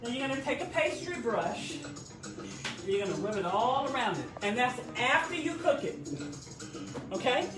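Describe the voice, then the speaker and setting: A woman's voice: fairly high pitch, very animated, normal speed, long pauses, echoey room, music in the background. A woman hosting a casual live cooking demonstration. She is chatty and exclamatory, and she keeps coaxing her viewers along. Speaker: home cook hosting a cooking stream.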